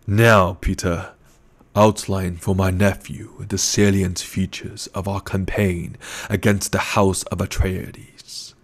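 A man voicing a gluttonous, scheming older male baron who speaks slowly and condescendingly. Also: deep voice, level tone, full character voice. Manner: slow, menacing and condescending.

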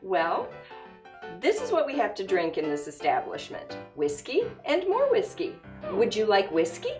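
A woman's voice: medium pitch, wildly swooping pitch, measured pace, roomy sound, music in the background. A woman playing a friendly frontier saloon owner with a welcoming manner.

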